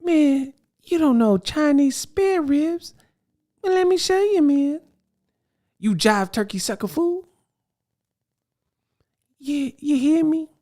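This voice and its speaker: A man mimicking a boastful jive-talking hustler from 1970s films in a high cartoonish slangy drawl. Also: expressive, slow pace, long pauses, darkish tone, exaggerated voice.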